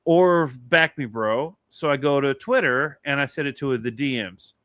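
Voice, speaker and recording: A man's voice: medium pitch, moderate pace, no echo, clean studio sound. A man co-hosting a casual talk show, telling a long story with a lot of swearing. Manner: animated, swearing, rambling anecdote. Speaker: podcast co-host.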